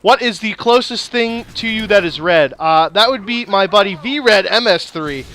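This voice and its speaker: A man's voice: high-pitched, animated, normal speed, sharp tone. A young man, ranting and telling stories with heavy profanity while commenting over gameplay. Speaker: gaming YouTuber.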